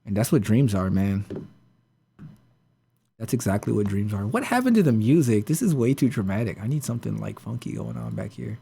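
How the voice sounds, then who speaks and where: A man's voice: on the low side, huge pitch swings, fairly quick, gravelly, mellow, breathy edge. A man hosting a podcast, retelling a story in a casual, rambling way full of fillers and restarts. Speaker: podcast host.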